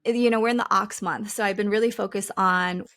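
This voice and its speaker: A woman's voice: medium pitch, fairly even intonation, a little fast, fairly bright tone, dry recording. Chatty woman on a dry close mic. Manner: chatty, laughs often, lots of "like" fillers. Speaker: podcast co-host. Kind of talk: casual chat.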